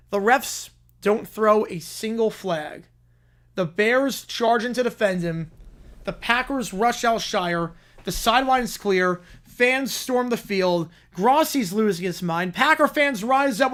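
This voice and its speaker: Animated man reading a story aloud. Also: high-pitched, measured pace. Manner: animated, breaks off to laugh and comment. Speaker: livestream host.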